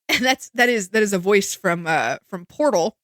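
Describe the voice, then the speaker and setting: A woman co-hosting a podcast in casual chat, lively and chatty, explaining facts with exclamations. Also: medium pitch, a little slow, no room sound. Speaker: podcast co-host.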